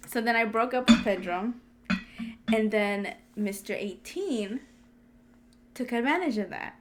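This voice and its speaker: With music playing behind her, a young podcast co-host speaks at a measured pace in a voice on the high side. Recounting something that happened to her, she laughs frequently and performs other people's lines with lively energy.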